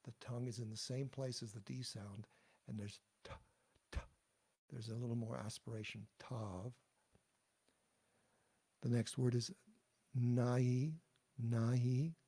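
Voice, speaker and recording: A man giving a patient pronunciation lesson over a video call, talking in a halting way with many fillers and restarts. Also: medium pitch, gravelly, darkish tone, slightly rough. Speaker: teacher.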